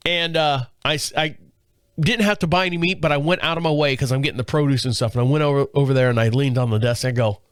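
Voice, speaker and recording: A man's voice: fairly high pitch, lively intonation, fast talker, a bit bright, no echo, clean studio sound. A man hosting a podcast, telling a long story in a casual, rambling way with frequent restarts. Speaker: podcast host.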